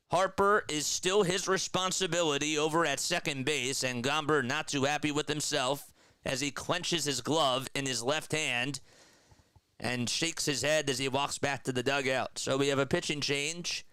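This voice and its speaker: Man, play-by-play streamer, bright and forceful voice, dry close sound, chats with viewers between calls. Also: on the high side, clean tone, no echo. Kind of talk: live baseball play-by-play with chat banter.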